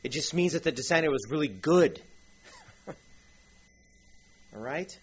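A man preaching a lecture-style sermon with a husky voice, animated and full of asides. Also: on the high side. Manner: animated, with asides and quick acted quotes. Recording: dull lo-fi recording.

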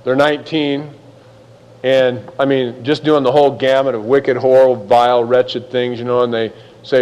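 A man's voice: mid-range voice, flat delivery, normal speed, darkish tone, clean tone, in a large hall, rough recording. A man preaching a sermon in a conversational, folksy way, acting out little quotes as he goes. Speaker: pastor.

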